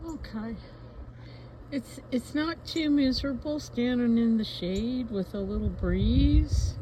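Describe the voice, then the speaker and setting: A woman's voice: mid-range voice, warm tone, a little hiss or hum. A woman vlogging outdoors on her farm in a chatty, casual way, sometimes talking sweetly to her animals. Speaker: homestead vlogger. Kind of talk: casual farm vlog narration. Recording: faint outdoor ambience with farm birds. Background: chickens and ducks clucking.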